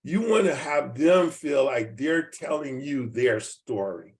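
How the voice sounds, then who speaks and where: A man in his seventies runs a team training over video, talking in a mid-range, expressive voice and taking his time. He's folksy, goes back over his points, and keeps asking the audience whether they're following.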